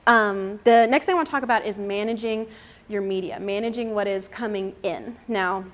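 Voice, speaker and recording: Young woman, casual talk to a moms' group, chatty with frequent laughs, mid pitch. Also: normal speed. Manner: chatty, laughs often, many fillers. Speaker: speaker at a mothers' group.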